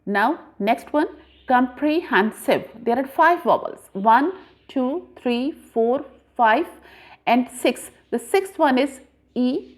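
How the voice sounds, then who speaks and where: A woman teaching a grammar lesson, explaining slowly and repeating points, with frequent pauses. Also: high voice, animated. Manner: slow, deliberate, repeats points with many "uh" pauses. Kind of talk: classroom lesson explaining syllables.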